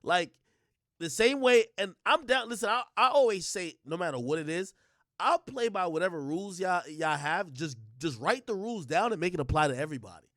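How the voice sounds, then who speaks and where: A young man ranting on a stream, profane and animated, stumbling over fillers as he argues. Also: high voice, brisk, dry recording, studio quality. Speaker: streamer and commentator.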